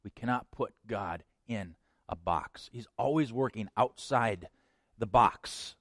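A man pastor preaching a sermon with emphatic delivery and dramatic swings in pitch and loudness. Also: slow, dry recording, studio quality.

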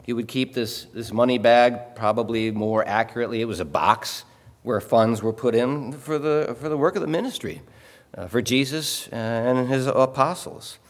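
A man preaching a sermon in a conversational way, often pausing to ask "okay?" and repeating words as he explains. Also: medium pitch. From Illinois. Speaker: pastor. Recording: long hall reverb.

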